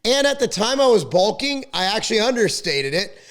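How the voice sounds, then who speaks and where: High-voiced man telling a story casually. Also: very animated, a little fast, a bit bright. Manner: chatty storyteller, slangy and joking. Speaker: podcast host. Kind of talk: casual monologue.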